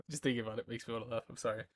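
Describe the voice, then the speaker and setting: A man's voice: mid-range voice, fairly even intonation, very fast. A man in his twenties chatting casually on a live stream from home, rambling and often breaking into laughter. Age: 20s. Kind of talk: casual chat. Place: indoor room at home.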